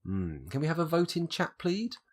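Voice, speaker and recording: A British man streaming live gameplay, his voice husky and breathy from a cold. He thinks aloud and mulls over each option, and his pitch swings up and down in a lively way. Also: brisk. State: has a cold, coughing.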